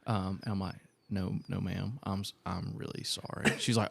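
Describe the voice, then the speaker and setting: A man's voice: low voice, moderate pace, creaky, a little hiss or hum. A man co-hosting a podcast in casual chat, telling a self-deprecating story and acting out the other people's lines as he goes. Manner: animated, self-deprecating storyteller who acts out quoted dialogue. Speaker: podcast co-host.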